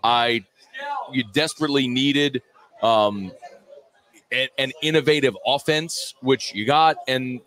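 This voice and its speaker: A man's voice: mid-range voice, slow pace, pauses often, fairly bright tone. A man hosting a sports radio show, talking in a blunt, profane, dismissive way. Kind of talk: casual sports talk. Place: radio studio. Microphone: studio microphone.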